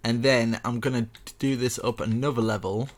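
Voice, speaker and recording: A man's voice: mid-range voice, steady tone, moderate pace. A young man casually walking viewers through a building tutorial step by step, chatty and rambling with self-mocking asides.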